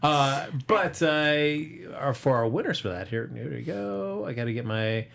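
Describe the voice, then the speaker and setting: A man's voice: medium pitch, expressive, measured pace, creaky, a bit bright. A man hosting a casual box office chat, rambling through the figures with lots of fillers and jokes. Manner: rambling, filler-heavy, joking. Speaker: host.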